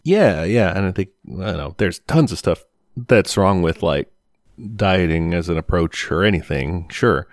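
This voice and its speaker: Deep-voiced man in a dry, close recording. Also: measured pace, no room sound. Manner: relaxed, rambling, hedging with "you know" and "I don't know". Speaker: podcast co-host. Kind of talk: casual chat.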